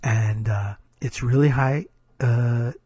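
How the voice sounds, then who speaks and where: A man voicing a calm male presidential aide who murmurs instructions in a low, patient, coaxing way. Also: slow pace, slightly rough, no echo. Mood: hushed coaxing.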